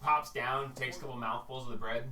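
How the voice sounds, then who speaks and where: A woman running a tabletop game as game master, narrating in an animated way and often laughing. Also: rumbling low, a little fast. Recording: echoey room, distant mic, faint noise.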